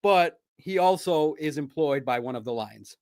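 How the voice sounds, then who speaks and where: A man hosting a sports podcast, chatting casually and telling animated stories with frequent laughter. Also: fairly high pitch, normal speed, clear, resonant tone. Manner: animated storyteller, laughs often, mimics shouting. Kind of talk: casual livestream chat.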